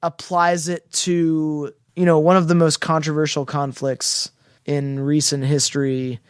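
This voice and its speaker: A man co-hosting a film podcast, talking in a rambling, halting way with frequent restarts as he searches for words. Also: on the high side, little pitch movement, clean tone, no room sound, clean studio sound. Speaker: podcast co-host. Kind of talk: casual film discussion.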